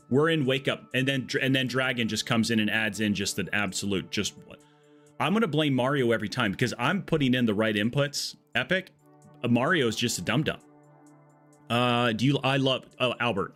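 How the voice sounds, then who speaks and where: A man's voice: on the low side, fairly bright tone. A man streaming a game live, chatty and jokey, greeting and thanking his viewers. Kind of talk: live-stream chat while playing.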